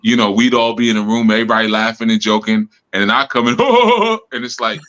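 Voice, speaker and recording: Deep-voiced man in a reflective talk. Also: quick pace, lo-fi sound. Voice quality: deep bass voice. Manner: relaxed, reflective, many "you know" asides. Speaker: spiritual teacher and host. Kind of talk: casual teaching talk. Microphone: live stream mic.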